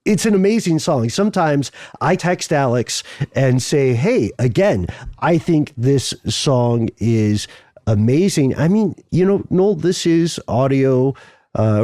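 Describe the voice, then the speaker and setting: A man co-hosting a casual podcast, rambling playfully through fillers and restarts. His voice is mellow and relaxed, at an ordinary pitch, and the studio sound is dry and close. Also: a little slow, no room sound. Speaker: podcast co-host.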